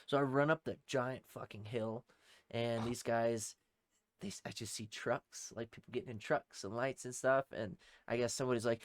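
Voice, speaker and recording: A young man co-hosting a podcast, telling a rowdy story in casual talk, swearing heavily and shouting out the lines of people in it. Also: a little high, normal speed, clear, resonant tone, no echo, studio quality. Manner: heavy swearing, acts out shouted quotes. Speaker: podcast co-host.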